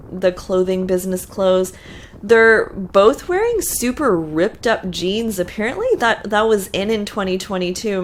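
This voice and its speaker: A woman hosting a casual TV recap and reaction, talking in a chatty, opinionated way with lots of fillers and asides. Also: mid-range voice. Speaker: show recap host.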